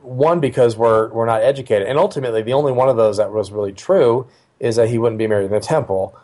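His voice sits in the mid-range and sounds a little mellow. This middle-aged father relates a personal family anecdote in an easygoing way, often hesitating with fillers and restarting what he's saying.

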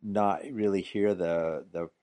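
An interviewer speaking in a thoughtful, measured way, softly trailing off at the end of thoughts. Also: sits low, steady tone. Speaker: interviewer, podcast host. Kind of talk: conversational interview.

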